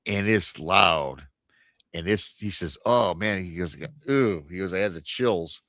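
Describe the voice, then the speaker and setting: On a paranormal radio show, a deep-voiced man retells an encounter story casually and with animation, performing the quoted voices and frequently starting his sentences over. He speaks a little slowly, and the studio-quality recording is dry.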